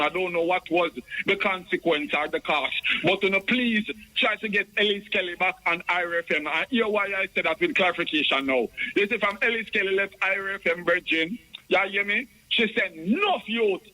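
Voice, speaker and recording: Jamaican caller on a radio show, high bright voice, rambles and stutters on the same words. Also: male voice, rough recording. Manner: rambling, stammering repetitions. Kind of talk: call-in radio chat.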